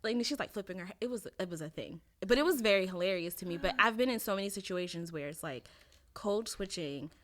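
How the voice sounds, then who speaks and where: A woman's voice: medium pitch, quick pace. A young adult woman from Baltimore in a casual podcast chat, telling stories and acting out what other people said. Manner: animated storyteller, acting out voices of others. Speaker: podcast co-host.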